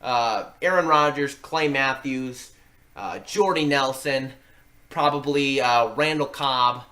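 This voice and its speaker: A man's voice: medium pitch, takes it slowly, pushed and bright. A man co-hosting a podcast who talks sports casually and animatedly, often laughing while he talks. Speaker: podcast co-host.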